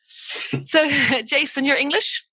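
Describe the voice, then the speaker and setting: A middle-aged woman hosting a podcast interview, chatty and quick to laugh. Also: high voice, animated, a crowd in the background. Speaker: podcast host. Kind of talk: casual interview chat.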